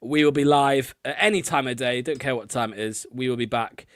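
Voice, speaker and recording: Sweary football stream host. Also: male voice, mid-range voice, fairly quick, dry recording, clean studio sound. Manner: frustrated, sweary, many filler ums. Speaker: host of a fan watchalong stream. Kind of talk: casual live-stream chat.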